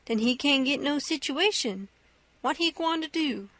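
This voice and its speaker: Stubborn grown man, read by a woman, insistent, argumentative, high bright voice, dry close sound. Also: lively intonation, measured pace, no echo. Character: stubborn adult man arguing with a boy. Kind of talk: audiobook character reading.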